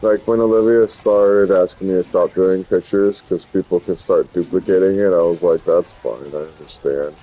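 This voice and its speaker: Guy with a low mellow voice, laid back, short dry replies. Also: flat delivery, normal speed, few pauses, poor audio. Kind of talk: casual chat.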